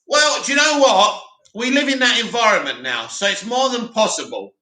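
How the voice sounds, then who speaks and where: Male stream host, high bright voice, roomy echo, talks fast and opinionated. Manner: animated, opinionated, rambling. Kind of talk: casual live chat reading.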